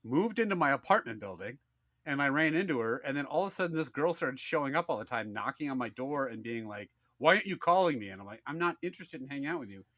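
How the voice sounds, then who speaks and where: A man's voice: medium pitch, animated, quick pace, a bit bright, dry recording. A man in his thirties co-hosting a podcast, telling a story in a rambling casual way, full of fillers and acted-out quotes. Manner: rambling, many "like"s, acts out quotes. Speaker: podcast co-host.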